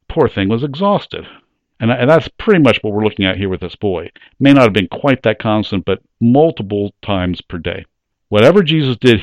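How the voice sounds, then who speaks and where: A man's voice: fairly low pitch, dry recording. A man giving a sermon, teaching in a plain conversational way and asking the listeners rhetorical questions. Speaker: preacher.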